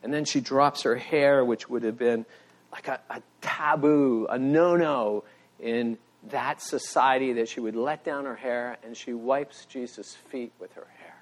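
A middle-aged man preaching from the pulpit, with a voice of ordinary pitch for a man. He tells stories with animated emphasis, lifting his voice to drive points home. In quieter moments he drops soft and low. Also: measured pace. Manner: animated storytelling, voice rising for emphasis. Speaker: pastor. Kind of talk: sermon.

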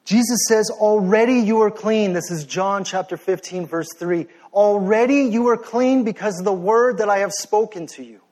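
A young man preaching a sermon with passion, swinging between forceful exhortation and sheepish, joking asides. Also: high-pitched, normal speed, few pauses. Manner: passionate, rising to near-shouting then softening to sheepish asides.

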